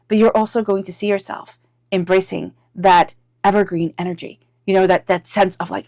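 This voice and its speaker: A woman giving an intuitive tarot reading in a chatty, animated way, full of "like" fillers, sometimes acting out inner voices. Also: mid-range voice, a little fast, no room sound, clean studio sound. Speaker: tarot reader.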